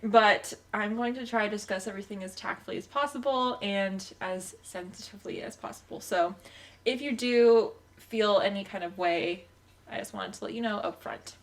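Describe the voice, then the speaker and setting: A woman's voice: medium pitch, moderate pace. A woman co-hosting a casual podcast chat, who keeps steering things back on track with "okay, well". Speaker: podcast co-host.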